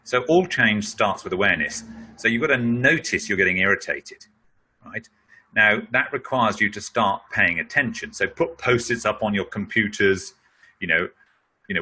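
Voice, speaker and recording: Bright, husky-voiced man explaining in a webinar. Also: fairly low pitch, lively intonation, normal speed. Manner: explanatory, conversational, with many "you know" fillers. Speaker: speaker on leadership. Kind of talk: webinar answer to a question.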